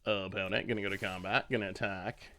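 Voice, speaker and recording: A man's voice: on the low side, steady tone, a little fast, sharp tone. A man streaming a card game, thinking aloud about his plays and chatting with viewers. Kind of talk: casual game commentary.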